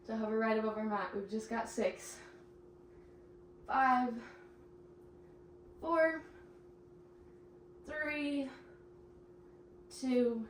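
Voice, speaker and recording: A young pilates instructor leads a workout class, offering encouraging cues and growing breathless as she exercises along. Her voice is fairly high, and the recording picks up a little hiss or hum in an echoey room with the mic at a distance.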